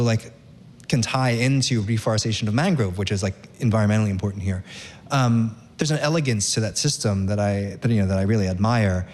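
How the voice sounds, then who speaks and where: A man's voice: mid-range voice, darkish tone. Chatty male radio host. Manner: casual, chatty with filler words. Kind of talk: live radio interview and announcements. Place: stage of a performing arts center.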